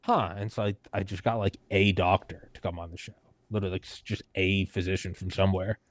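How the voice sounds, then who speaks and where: A man's voice: low voice, quick pace, dry recording. A man in his thirties, a podcast host, telling a story in casual conversation, swearing freely and acting out the people he quotes. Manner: animated, profane, acts out quoted people; frequent "like" fillers and restarts.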